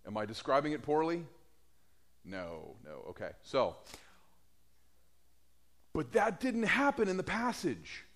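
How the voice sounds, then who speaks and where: A man's voice: on the high side, huge pitch swings, measured pace, long pauses, fairly bright tone. A man preaching a sermon in a conversational way, asking the congregation questions.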